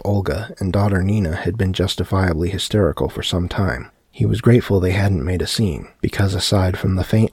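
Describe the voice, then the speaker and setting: A man narrating a dark horror story in a steady audiobook reading. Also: low voice, slightly rough, dry recording, studio quality.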